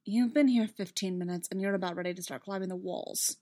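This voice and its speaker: A bruised, weary male prisoner from a read-aloud story, speaking in a dry, flat way, as a woman reads his lines. His voice sits at a middle pitch. He is only lightly set apart from the plain reading voice. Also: a little fast, close to an everyday voice. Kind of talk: fan fiction read aloud.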